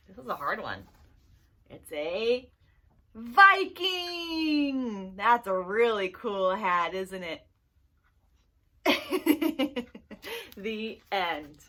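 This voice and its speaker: A woman's voice: mid-range voice, sing-song, extremely slow, long pauses, bright, forceful tone. A woman leading a children's story time at a library, reading aloud playfully and laughing often. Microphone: camera mic in a library room.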